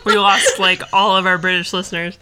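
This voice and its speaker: Bright-voiced young woman joking around. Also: on the low side, brisk. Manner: laughing, joking, relaxed banter. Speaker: podcast co-host. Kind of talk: casual chat.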